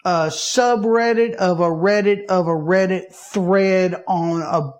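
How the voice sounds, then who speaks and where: A man from Alabama, co-hosting a podcast and telling a story in a lively way, acting out his own panicked reactions. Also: sits high, slow pace. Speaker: podcast co-host. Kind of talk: casual chat.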